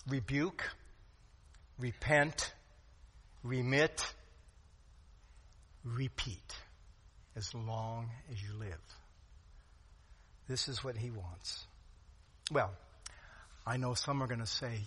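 A pastor preaching a sermon with emphatic delivery, swinging from loud to quiet. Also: male voice, mid-range voice, very slow, pauses often, husky. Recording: long hall reverb.

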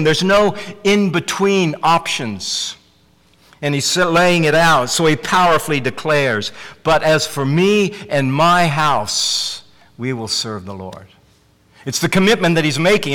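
A man's voice: fairly high pitch, a bit bright. Emphatic man preaching in a reverberant hall. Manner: earnest, emphatic, with frequent restarts. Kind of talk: sermon.

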